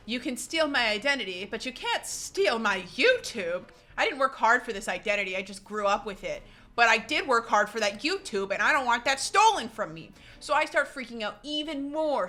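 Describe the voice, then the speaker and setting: A woman's voice: fairly high pitch, animated, normal speed, sharp tone. A young woman telling a story on her vlog, dramatic and self-mocking, acting out her own panicked lines.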